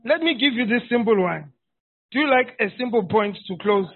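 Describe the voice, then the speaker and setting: A man preaches a lively, humorous sermon, raising his voice into shouts to drive points home. His voice sits very high for a man. The sound is thin and tinny, like it came through a phone line. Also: normal speed. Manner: animated and humorous, shouting for emphasis. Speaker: pastor.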